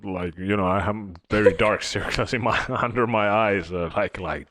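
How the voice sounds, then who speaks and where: A man's voice: fairly low pitch, moderate pace. A man co-hosting a casual hospitality podcast, teasing and joking about hotel work. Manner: animated, teasing, playful. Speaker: podcast co-host, former hotel worker.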